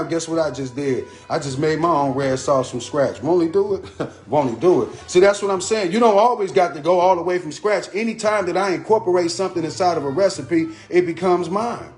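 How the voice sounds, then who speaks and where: A man's voice: on the high side, roomy sound. A man hosting a casual live cooking stream, loose and chatty, talking to viewers by name. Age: adult. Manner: loose and chatty, repeats a catchphrase, greets commenters. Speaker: home cooking host. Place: home kitchen.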